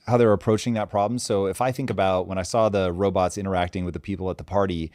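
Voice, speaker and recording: A man hosting a casual interview, asking slow, thoughtful questions. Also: fairly low pitch, warm tone, no echo, clean studio sound. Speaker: interview host.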